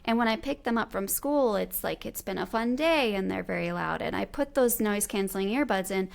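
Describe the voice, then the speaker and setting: A woman in her thirties talks casually as a podcast host. Her voice carries a steady vocal fry at a middle pitch. She animatedly voices herself and her children as she tells stories. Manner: animated, quotes her kids and herself aloud. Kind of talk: casual conversational interview.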